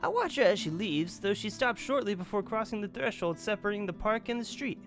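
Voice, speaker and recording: A man's voice: high voice, lively intonation, fairly quick, fairly bright tone, faint music behind. A young man hosting a let's play, reading a visual novel's narration aloud and chatting casually, swearing freely.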